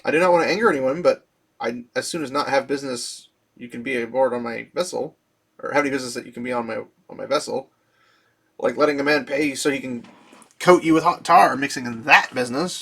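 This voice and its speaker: A man doing a gruff greedy riverboat captain. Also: medium pitch, fast, sharp tone, exaggerated voice. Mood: haggling. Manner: haggling, swears oaths.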